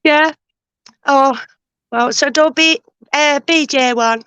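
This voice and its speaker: A woman's voice: sits high, slow pace, fairly bright tone, dry recording. A woman, a guest on a livestream, talking in a rambling, chatty way with lots of hesitation. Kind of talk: casual chat.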